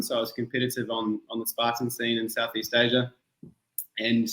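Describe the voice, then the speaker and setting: A man's voice: mid-range voice, roomy sound, low-quality recording. A man in his thirties with a mixed New Zealand and Malaysian accent, a guest chatting casually in an interview and using friendly slang. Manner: relaxed, laughs easily, friendly slang. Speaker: event founder guest. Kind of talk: casual video-call interview.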